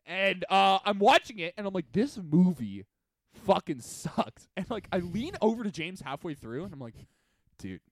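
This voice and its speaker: Animated young man telling stories. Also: high voice, brisk, hardly any pauses, dry recording, clean studio sound. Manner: animated storytelling, acts out friends' lines. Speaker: podcast co-host. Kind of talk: casual chat.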